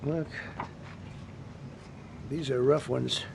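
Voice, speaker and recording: A man's voice: mid-range voice, steady tone, drawn-out words, gravelly, background noise. A man in his seventies giving off-the-cuff remarks at a press briefing in a government briefing room, blunt and repetitive, with rambling asides, into a podium microphone. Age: 70s.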